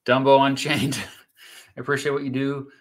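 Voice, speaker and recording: Speaking a little slowly in a level, medium-pitched voice, a YouTube host reads his live chat aloud. He explains court rulings casually and chattily, full of fillers and restarts.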